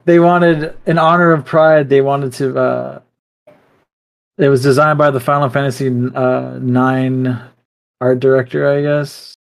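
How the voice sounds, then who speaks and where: A man chatting casually with friends, his voice sitting at an ordinary middle pitch. He rambles through his points with lots of fillers and breaks into laughter at his own jokes. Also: flat delivery, measured pace, vocal fry. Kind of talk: casual chat.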